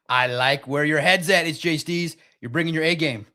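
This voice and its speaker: A man hosting a live-stream sports talk show, reading chat and talking in an animated, sarcastic, rambling way. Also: on the high side, moderate pace.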